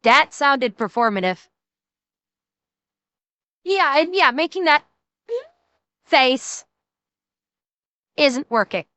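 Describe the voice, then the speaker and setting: A woman with a high, bright voice chats and riffs sarcastically, speaking straight to her viewers. The sound is dry and close to the microphone, with no room behind it. She keeps a loose, live-stream rhythm. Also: expressive, extremely slow, pauses often, no echo. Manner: chatty, sarcastic, talks straight to chat. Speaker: streamer reacting to a video. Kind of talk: casual live-stream commentary.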